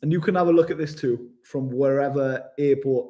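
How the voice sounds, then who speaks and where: A man's voice: medium pitch, fairly quick, dark tone. A man, chatting casually on a live stream as a travel vlogger, reading out viewer comments in a matey way.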